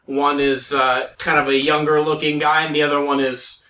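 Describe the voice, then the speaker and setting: A man's voice: fairly high pitch, little pitch movement, normal speed, sharp tone. A man narrating a tabletop game as game master, easygoing and full of fillers. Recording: roomy, distant mic.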